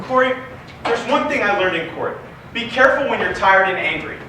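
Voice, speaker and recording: On a classroom stage, a young man acts in a class play as a worn-out, exasperated lawyer husband, sighing and sounding dry and weary. His voice is high, expressive, pushed and bright, at a moderate pace. Captured from far off by a camera, the sound is echoey with a little faint noise.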